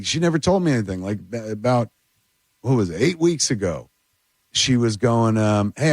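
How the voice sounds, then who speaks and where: A man's voice: mid-range voice, no echo. Rambling man telling stories. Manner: animated, rambling anecdotes with lots of "like" and "dude". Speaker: filmmaker guest. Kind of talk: casual storytelling chat. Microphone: radio studio mic.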